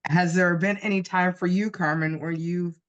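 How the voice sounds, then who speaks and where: A woman's voice: lowish voice, steady tone, moderate pace, muffled recording. A woman hosting a podcast, asking an interview question tentatively and searching for her words. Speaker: podcast host.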